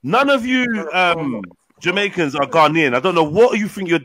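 Lively bright-voiced man teasing. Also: high voice, normal speed, no room sound. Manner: loud, swearing, teasing, talks over others. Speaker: livestream host. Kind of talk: heated casual banter.

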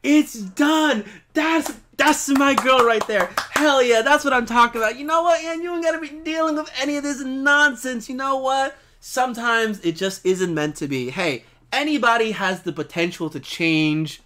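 A young man excitedly reacting to a cartoon episode in slangy, casual commentary, laughing often. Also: very high-pitched, normal speed, hardly any pauses. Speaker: reaction video host.

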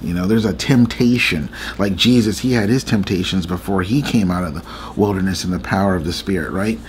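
A man's voice: sits low, brisk, slight background noise. A man talking earnestly and openly about faith in a late-night chat, repeating himself as he speaks to his viewers. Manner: earnest, repetitive, confiding. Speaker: faith vlogger and co-host.

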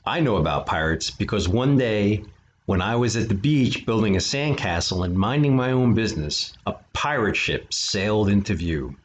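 A man's voice: lowish voice, animated, normal speed, a little hiss or hum. A man reading a children's picture book aloud as a storyteller, breaking off for chatty asides to his listeners. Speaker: storyteller for an art studio. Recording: dull lo-fi recording.

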